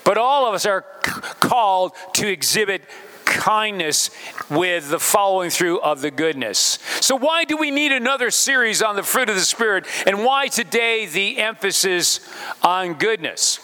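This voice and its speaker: High, bright-voiced man preaching. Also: expressive, normal speed, long reverb tail. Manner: speaks straight to the congregation with questions. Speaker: pastor. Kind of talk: sermon.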